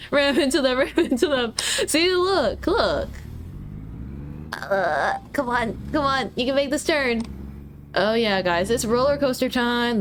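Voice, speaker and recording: A woman's voice: fairly high pitch, sing-song, moderate pace, a little hiss or hum. A woman streamer chatting playfully and giggling while playing a driving game. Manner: playful, giggly, teasing chat. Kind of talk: casual gaming stream chat.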